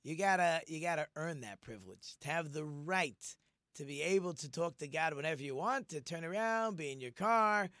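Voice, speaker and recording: A man teaching an informal Torah lesson, animated and acting out the quoted speech of the figures he discusses. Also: a little high, moderate pace, dry recording, studio quality. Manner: animated, acts out quoted speech in different voices.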